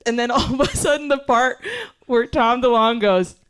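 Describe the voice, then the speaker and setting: Higher-voiced woman telling a funny story. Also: moderate pace, smooth. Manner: animated, profane, laughing through the telling. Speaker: guest storyteller at a live podcast show. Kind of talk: comedic personal story told live.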